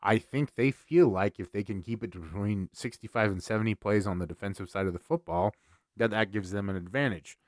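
A man's voice: fairly low pitch, fairly quick, no room sound, clean studio sound. A man hosting a sports podcast in casual talk, conversational and repeating words as he starts sentences.

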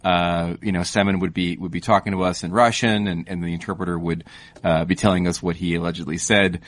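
A man with a notably low voice hosts a hockey podcast. He talks in a measured, thoughtful way, filling his pauses with ums and uhs while he works through his analysis. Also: level tone. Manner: thoughtful, measured, frequent fillers. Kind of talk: casual sports chat.

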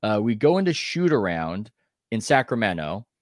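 Man, low voice, podcast guest, sports reporter, chatty anecdotes, quick asides, dry close sound. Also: dry recording. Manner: animated anecdote telling with quick asides and restarts. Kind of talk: conversational podcast interview, storytelling.

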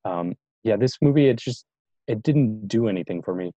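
Low mellow man, dull dry recording. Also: animated, moderate pace, no echo. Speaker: podcast co-host. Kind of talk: casual movie review chat.

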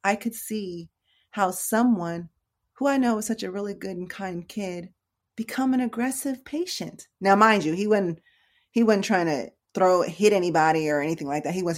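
A middle-aged woman nurse shares a story in a relaxed, chatty manner. She gets animated and acts out the voices of the people in it. Her voice sits a bit low for a woman. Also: moderate pace. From United States. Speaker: nurse educator. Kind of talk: casual storytelling talk.

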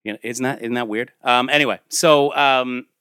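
A man's voice: medium pitch, fairly even intonation, moderate pace, pushed and bright, clear, resonant tone, no room sound, studio quality. A man casually retelling a comic story aloud at home, rambling with asides and fillers, now and then talking to a child.

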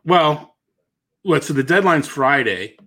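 A Boston-accented man co-hosts a casual fantasy baseball podcast, hesitant as he restarts and trails off, and laughing easily. His voice is a little high and a bit bright, with lively intonation, and he takes it slowly.

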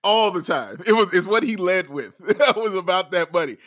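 A man co-hosting a casual sports talk show, excitable, laughing often and raising his voice when thrilled. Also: sits high, normal speed, dry recording, clean studio sound. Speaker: podcast co-host.

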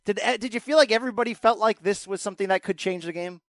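A man hosting a casual interview, asking questions in a halting way with many fillers and restarts. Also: high voice, no echo. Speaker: podcast host.

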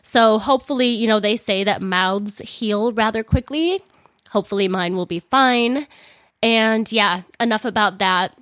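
A woman's voice: medium pitch, unhurried, fairly bright tone, no room sound, studio quality. A young woman hosting a podcast, telling a story casually, swearing freely and laughing as she talks, speaking stiffly around a sore, swollen upper lip. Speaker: podcast host.

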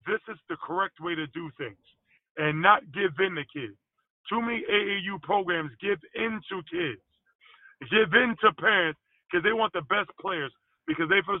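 High-voiced man on a tinny phone line. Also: normal speed, no room sound. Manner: animated storyteller, loose grammar. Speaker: guest, former pro basketball player. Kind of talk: casual interview storytelling.

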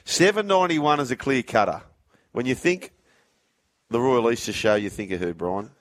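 A man's voice: medium pitch, lively intonation, normal speed. A man with an Australian accent hosting a casual sports radio show, joking with his co-host and reading out listener texts. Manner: jokey, matey, reads out texts.

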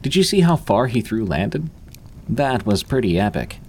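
A man voicing an excited teenage girl with a lively, gossipy way of talking. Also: lowish voice, moderate pace, slight background noise.

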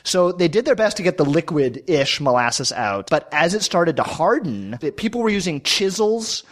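A man's voice: a little high, moderate pace. A man hosting a casual podcast, retelling a history story with lots of fillers. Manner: animated, lively retelling with fillers.

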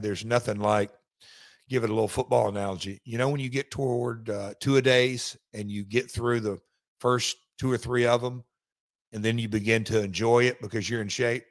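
A man's voice: fairly low pitch, fairly even intonation, moderate pace, no room sound. A man being interviewed, telling a long story in a casual, rambling way with many restarts and asides. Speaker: wrestling executive guest.

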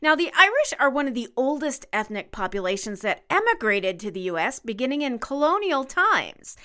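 A woman's voice: high-pitched, sing-song, normal speed, pushed and bright. A woman co-hosting a podcast, chatting casually in a playful, emphatic way. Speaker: podcast co-host.

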